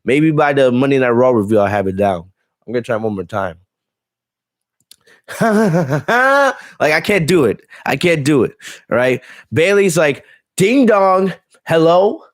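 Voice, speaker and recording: A man's voice: medium pitch, lively intonation, brisk, no room sound, clean studio sound. A man hosting a casual live stream on wrestling, blunt and profane, ranting and reading viewer comments aloud. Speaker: wrestling show host.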